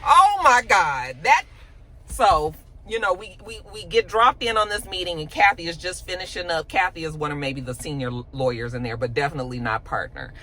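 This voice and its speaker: A woman host recapping a TV episode in casual chat, animated and profane, filling her lines with "you know.". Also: deep voice, fairly quick, a little hiss or hum, rough recording.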